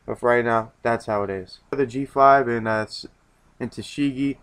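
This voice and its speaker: A man's voice: medium pitch, steady tone, moderate pace, a bit bright, smooth. A man reviewing in a loose casual chat, rambling with many restarts and casual swearing.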